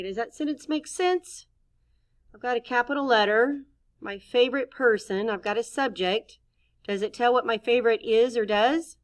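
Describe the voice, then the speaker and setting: A woman teacher giving a recorded writing lesson for young children, patiently thinking aloud as she models each sentence. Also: fairly high pitch. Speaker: elementary school teacher.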